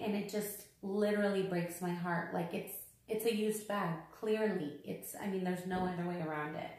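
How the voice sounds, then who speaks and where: An exasperated woman vlogger talks through an unboxing, circling back on the same complaints with plenty of fillers. Her voice sits at an ordinary middle pitch and bounces around an echoey room. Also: slight background noise. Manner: upset, exasperated, repeats herself, many fillers.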